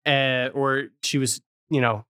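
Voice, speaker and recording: A man's voice: mid-range voice, steady tone, takes it slowly, bright, forceful tone, smooth. Young man animatedly retelling a story. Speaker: podcast co-host. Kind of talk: casual chat, retelling a story.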